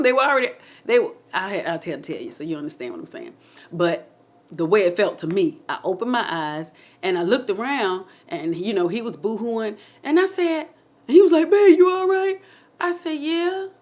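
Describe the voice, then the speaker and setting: A woman telling her own near-death story to her viewers in an animated, excitable way, speaking straight to them with faith and feeling. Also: medium pitch. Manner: testimonial, faith-filled. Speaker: channel host telling a personal story. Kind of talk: emotional personal storytelling.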